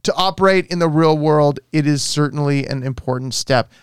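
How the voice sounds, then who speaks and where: A man hosting a casual podcast chat, animated and leading the topics. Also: a little high, moderate pace, clear, resonant tone, dry recording, studio quality. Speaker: podcast host.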